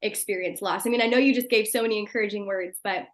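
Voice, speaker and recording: A young woman hosting a podcast, upbeat and quick to agree as she asks her questions. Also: medium pitch, fairly even intonation. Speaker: podcast host. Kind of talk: casual interview chat.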